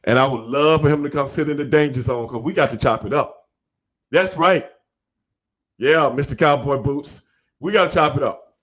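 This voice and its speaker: A man's voice: on the high side, moderate pace, long pauses, fairly bright tone. Emphatic, slangy male podcast host. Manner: emphatic, repetitive, slangy hype talk. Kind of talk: casual interview chat.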